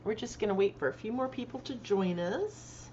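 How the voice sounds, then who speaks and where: A woman's voice: mid-range voice, normal speed, warm tone, slight background noise. A middle-aged woman hosting a casual livestream, chatty and tired after a long day, greeting viewers by name and laughing often. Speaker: livestream host and author. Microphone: desktop microphone. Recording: dull lo-fi livestream audio.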